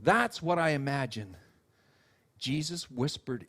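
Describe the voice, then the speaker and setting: A male pastor preaching a sermon with a higher-pitched voice. He tells stories in an animated way and acts out quotes. He speaks casually, with fillers and restarts. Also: normal speed. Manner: animated storytelling, acting out quotes.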